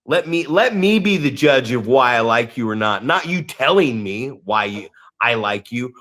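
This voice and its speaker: Animated, profane man ranting. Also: medium pitch, normal speed. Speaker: podcast co-host. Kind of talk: casual podcast rant.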